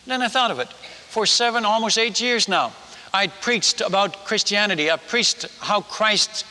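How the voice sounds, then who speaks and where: A man telling a personal story in a sermon, chatty and animated, stumbling over restarts and asking the audience questions. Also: high voice, normal speed. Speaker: missionary preacher. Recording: echoey hall.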